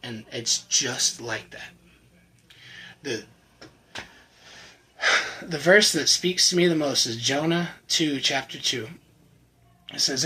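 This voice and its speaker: A man giving an earnest, emotional personal faith testimony to the camera, often halting and repeating words. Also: mid-range voice, bright, forceful tone, slightly rough, low-quality recording. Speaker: channel host sharing his recovery testimony.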